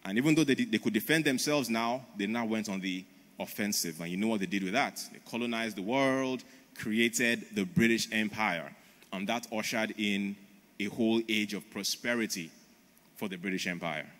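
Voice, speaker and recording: A man's voice: lowish voice, moderate pace, fairly bright tone. Emphatic man preaching in a large hall. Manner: emphatic, storytelling. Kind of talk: conference sermon. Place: large church auditorium. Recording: long reverb of a large hall.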